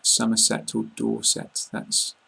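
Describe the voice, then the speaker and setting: A man with a southern English received-pronunciation accent, explaining pronunciation in an online lesson, calm and plain, pausing often with fillers. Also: on the low side, gravelly, husky. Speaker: English teacher.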